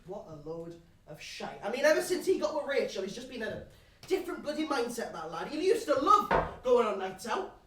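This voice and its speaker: A man's voice: very high-pitched, very animated, fairly quick, background noise. A young man playing a sweary Geordie pub regular. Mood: cheeky. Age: young adult. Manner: sweary, rambling, cheeky banter with the audience. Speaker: stage actor. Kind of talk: one-man live theater monologue. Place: theater stage before a live audience. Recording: roomy stage sound from far off with audience. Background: audience laughing.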